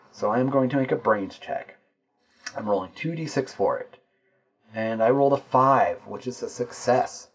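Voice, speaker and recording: A man's voice: on the low side, slightly rough, highs cut off. A man playing a tabletop game solo, narrating the scene and explaining his dice rolls and rules as he goes.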